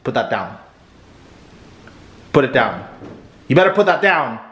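A man's voice: mid-range voice, sing-song, unhurried, a bit bright. A man filming his partner and mocking him, taunting and insulting him. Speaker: vlogger's partner behind the camera. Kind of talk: teasing banter. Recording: echoey room with clear background noise.

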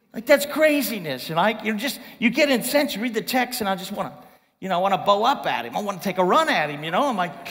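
A middle-aged man preaching a sermon in a church, animated and conversational, full of rhetorical questions. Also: high-pitched, moderate pace, long reverb tail. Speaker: guest preacher. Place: church sanctuary.

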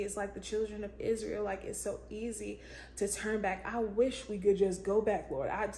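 A woman's voice: mid-range voice, warm tone. Emphatic woman musing on faith, echoey room. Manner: exclamatory, breaks into praise, informal and emphatic. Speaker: vlogger, show host. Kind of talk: casual faith-based reflection. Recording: echoey room with faint ambient noise.

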